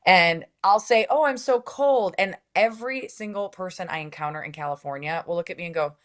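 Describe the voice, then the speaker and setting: A woman's voice: on the low side, fairly even intonation, a little fast, fairly bright tone. A woman TV news anchor from Minnesota, a guest chatting casually and laughing often. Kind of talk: casual interview chat.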